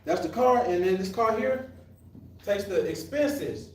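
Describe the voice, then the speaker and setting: High-pitched male teacher in an echoey room. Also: lively intonation, a little slow, darkish tone, a little hiss or hum. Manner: asks the class questions and answers them himself, restarts often. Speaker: accounting teacher. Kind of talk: live classroom lecture. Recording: echoey room, mic at a distance.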